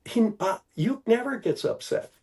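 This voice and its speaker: An older man from Milwaukee, telling stories as a podcast guest in an animated, casual way, peppered with "you know". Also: high voice, normal speed, husky. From Milwaukee, Wisconsin. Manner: animated, acts out quoted voices, many "you know"s. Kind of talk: casual storytelling.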